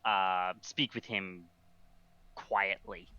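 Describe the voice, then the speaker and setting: A man's voice: lowish voice, steady tone, extremely slow, long pauses, pushed and bright, soft background music. A man playing a tabletop game, hesitantly narrating what his character does. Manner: hesitant, many ums and restarts. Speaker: player. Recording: muffled lo-fi mic with faint hiss.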